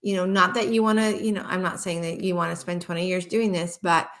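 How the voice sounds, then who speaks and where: A woman's voice: fairly low pitch, fairly even intonation, fairly quick, fairly bright tone. Earnest woman hypnotherapist talking shop. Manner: passionate, earnest, many restarts. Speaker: hypnotherapist guest. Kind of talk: live-stream conversation.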